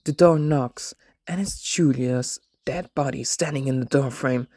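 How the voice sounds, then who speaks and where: A man narrating an absurd comedic story in a deadpan way, voicing every character himself. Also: mid-range voice, a little slow, dry recording, studio quality.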